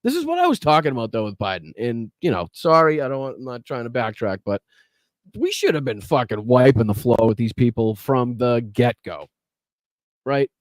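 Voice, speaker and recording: On his political livestream, this podcast host greets chat and reacts to clips with blunt profanity. He has a mid-range, sing-song voice at a moderate pace, and the studio audio is clean with no echo.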